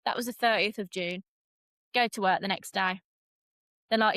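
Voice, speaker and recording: A young British woman guest on a podcast, telling her story in a lively, dramatic way and laughing often. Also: medium pitch, measured pace, pauses often, no echo. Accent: British English. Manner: animated, self-described dramatic, laughs often. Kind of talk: casual storytelling interview.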